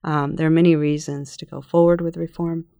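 A woman as a policy researcher guest in a podcast interview, answering in a measured, thoughtful way with frequent fillers and restarts. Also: deep voice, little pitch movement, warm tone, no echo, clean studio sound.

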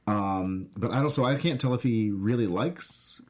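Man hosting a relaxed TV recap chat. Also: on the low side, normal speed. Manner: leads the talk, reads out notes, asks the group questions. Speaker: podcast host. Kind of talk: casual chat about a TV episode.

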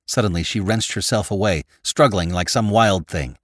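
A man narrating a classic story for a podcast in a measured, expressive storytelling manner. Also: sits low, no echo, studio quality. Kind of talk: audiobook narration of classic fiction.

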